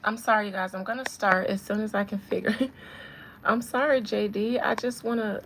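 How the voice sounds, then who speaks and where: A woman in her thirties with a gravelly, fry-tinged voice, chatting through a tarot reading on a livestream. She talks to her viewers and the spirits alike and breaks into laughter often. A faint hiss sits under her voice. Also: medium pitch, fairly even intonation, normal speed, fairly bright tone, low-quality recording. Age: 30s. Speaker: tarot reader. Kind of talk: casual livestream chat.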